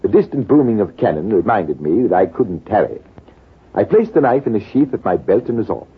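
A composed army major in a 1940s radio play, telling his war story in a measured way. His husky voice rises and falls in a lively way. The recording is thin and tinny. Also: lowish voice, full character voice. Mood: calm. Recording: tinny, lo-fi old radio broadcast.

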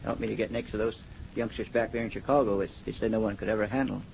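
A man from England, being interviewed on the radio about his youth work, answering modestly and softly. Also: on the low side, steady tone, fast, creaky, highs cut off, a little hiss or hum. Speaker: youth worker and award guest.

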